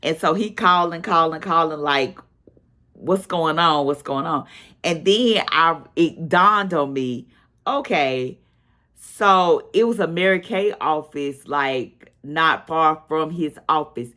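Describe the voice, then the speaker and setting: A middle-aged woman tells a personal story in a relaxed vlog chat. Her voice sits low and her pace is slow and drawn out. She acts out what people said as she goes. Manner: animated storyteller, acts out quotes with a higher voice. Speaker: vlogger telling a personal story.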